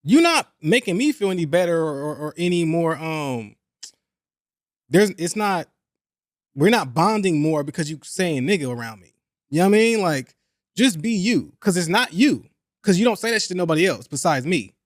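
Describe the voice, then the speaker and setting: A young man hosting a podcast, talking in a casual, animated and profane way, repeating points for emphasis. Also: fairly high pitch, moderate pace, dry recording, clean studio sound. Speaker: podcast host. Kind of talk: casual chat.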